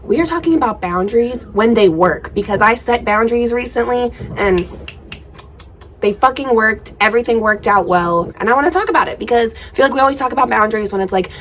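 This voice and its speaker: A woman's voice: mid-range voice, lively intonation, brisk, a little hiss or hum. A woman hosting a casual stoner podcast, talking in a frank, profane, rambling way, recorded outdoors. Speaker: podcast host. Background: faint outdoor ambience.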